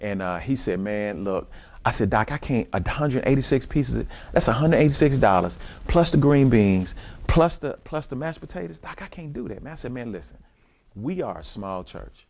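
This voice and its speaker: A man with a Southern US accent leading a church community-engagement workshop, teaching in a lively preacher style and talking straight to the room. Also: mid-range voice, normal speed, creaky. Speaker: workshop leader. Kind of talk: church community training talk.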